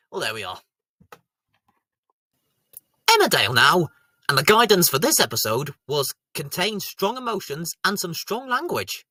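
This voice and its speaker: A man with a high voice hosting a jokey homemade TV comedy review show, breaking into silly shouted voices. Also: wildly swooping pitch, a little slow, pauses often, no echo, clean studio sound.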